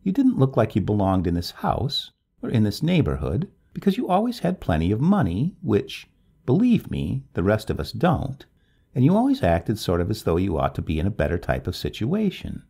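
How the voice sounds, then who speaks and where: A man's voice: lowish voice, huge pitch swings, moderate pace, creaky, mellow, husky, voice pushed up, exaggerated voice. A man putting on a fretful gossiping neighbor woman. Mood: urgent. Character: gossipy, anxious middle-aged woman neighbor.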